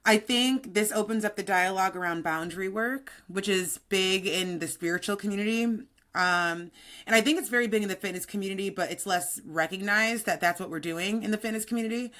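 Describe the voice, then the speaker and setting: A woman in her thirties co-hosts a fitness podcast. She talks in a loose, upbeat, chatty way with a bit of sass, and her voice sits at an ordinary middle pitch. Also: brisk, fairly bright tone. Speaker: podcast co-host and fitness coach. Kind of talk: casual podcast chat.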